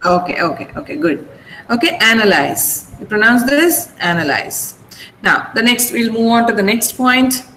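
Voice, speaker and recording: Firm online English teacher, a woman, over a call with light hiss; drills stress slowly and clearly. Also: fairly high pitch, a bit bright, low-quality recording. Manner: slow deliberate syllable-by-syllable pronunciation; firm, instructive. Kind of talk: online class lesson. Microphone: video call.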